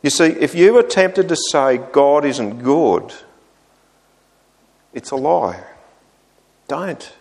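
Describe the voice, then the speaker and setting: Slow-paced man preaching. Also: vocal fry. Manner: expressive, rises high when voicing the psalmist's complaints. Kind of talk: sermon.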